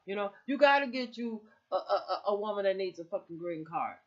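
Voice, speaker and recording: A woman's voice: mid-range voice, expressive, a little fast. Woman, middle-aged, casual heated rant, swears constantly, rambles, muffled lo-fi recording. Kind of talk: casual political rant to camera.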